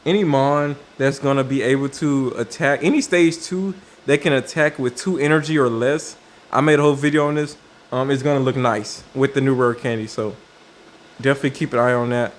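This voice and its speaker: A man talks through a set of game cards off the cuff, stopping often to think and restarting his sentences. His voice sits in an ordinary middle pitch. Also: fairly even intonation, fairly quick. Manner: thinking aloud with many fillers and restarts. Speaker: card game video creator. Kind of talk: casual commentary on card reviews.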